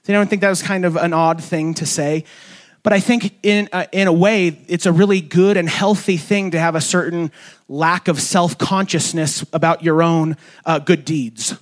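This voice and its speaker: A young man preaching a sermon as pastor in a casual, conversational way, with fillers and self-corrections, sometimes jumping high to act out quoted voices. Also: steady tone, normal speed. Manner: acts out quoted voices in sudden high pitch. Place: church sanctuary.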